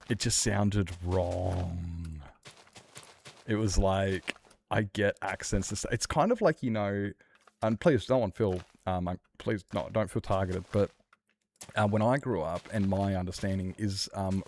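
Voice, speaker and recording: A man's voice: on the low side, normal speed, vocal fry, a little mellow, slight background noise. A man chatting casually on a live game stream, rambling and laughing often as he talks to viewers. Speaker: Minecraft streamer.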